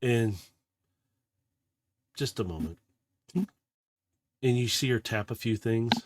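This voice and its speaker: A man running a tabletop game as game master, narrating softly and losing his voice. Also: medium pitch, slow, very noisy.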